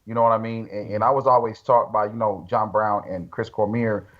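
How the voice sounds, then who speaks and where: A man's voice: on the low side, a little fast, dull audio. A man telling stories in a casual, slangy way, acting out other people's lines. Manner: animated, slangy, acts out quotes. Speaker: guest bodybuilder. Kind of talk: casual storytelling.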